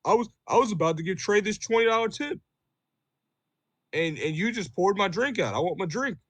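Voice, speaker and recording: A bitter, belligerent bar regular complains and sneers in a raised, whiny voice, as a man puts him on while telling a story. He sounds louder than the teller's own talk, and the room is dry and close. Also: high voice, lively intonation, fairly quick, no echo, voice pushed up. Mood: indignant. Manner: indignant, nagging, insulting. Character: belligerent middle-aged male bar customer, whiny and bitter. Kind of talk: acted quote in a podcast story.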